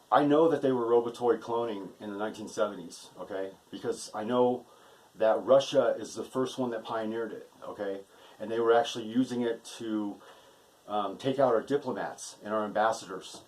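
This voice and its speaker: Male vlogger, low-pitched, rambling and agitated, repetitive, swears freely. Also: darkish tone, poor audio. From United States. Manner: agitated, repetitive, keeps adding "okay?" and profanity. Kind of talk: rambling monologue to camera.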